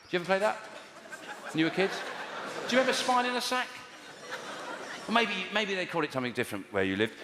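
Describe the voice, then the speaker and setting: Brief: male stand-up, deadpan rambler, lively swooping pitch, echoey hall, loud crowd noise. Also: fast, long pauses. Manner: rambling, deadpan storytelling with audience banter. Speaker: stand-up comedian. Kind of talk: stand-up comedy with crowd work. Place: live comedy venue with audience. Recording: echoey live venue, loud audience.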